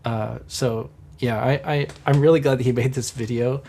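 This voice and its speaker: A man's voice: mid-range voice, steady tone, moderate pace, gravelly, warm tone. An Orthodox Christian man on a livestream panel, speaking earnestly and encouragingly, with lots of fillers. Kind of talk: casual livestream discussion.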